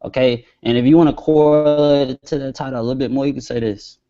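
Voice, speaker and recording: A man hosting a marketing webinar, talking casually and slowly dictating words as he types. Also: medium pitch, steady tone, mellow. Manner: casual, talks while typing, stretches words as he dictates. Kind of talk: screen-share tutorial. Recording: dull lo-fi webinar audio.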